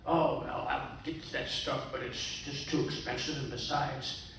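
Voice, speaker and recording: A man voicing a boastful old one-legged pirate who tells a tall tale in gruff pirate talk, heard in an echoey room from far off. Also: mid-range voice, steady tone, measured pace, fairly bright tone, a little hiss or hum, close to an everyday voice. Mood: spinning yarns.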